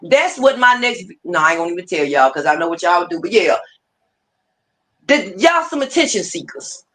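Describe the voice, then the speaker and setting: A woman's voice: lowish voice, very animated, moderate pace, fairly bright tone. A woman hosting a livestream, ranting casually with heated, profane, repetitive talk. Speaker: livestream host.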